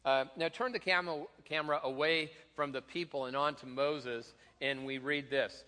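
Bright-voiced male pastor in a reverberant hall. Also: fairly high pitch, steady tone, moderate pace, few pauses. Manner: conversational and joking, with frequent fillers and restarts. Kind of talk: sermon. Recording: long reverb in a large hall.

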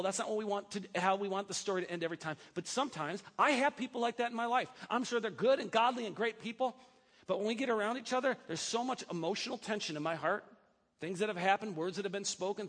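A male pastor preaching a sermon in a church, animated and breaking in with joking asides. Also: high voice. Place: church sanctuary. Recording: long hall reverb.

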